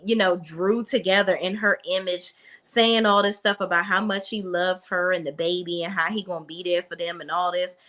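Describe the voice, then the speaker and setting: A woman's voice: medium pitch, sharp tone. A young woman, recapping a TV episode in a sassy, blunt, casual way and imitating the characters. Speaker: reality TV recap host.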